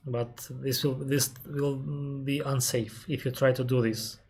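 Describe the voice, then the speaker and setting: A man's voice: medium pitch, level tone, a little mellow, slightly rough. Russian-accented man explaining patiently. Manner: unhurried, explaining step by step with frequent restarts and pauses. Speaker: airline captain answering viewer questions. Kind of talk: casual live-stream Q&A.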